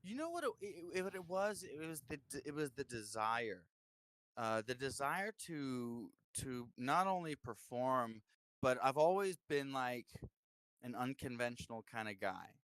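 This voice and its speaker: A man's voice: mid-range voice, unhurried, clean tone, no room sound. A man, a musician guest, telling stories in a casual interview, swearing freely and acting out other people's lines. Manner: animated storyteller, swears, acts out voices with lots of "like".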